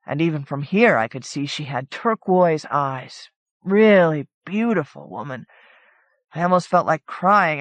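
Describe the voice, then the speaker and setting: Reading from a script, an audiobook narrator tells a short story in an easygoing first-person voice. She speaks at a fairly low pitch, and there is no echo.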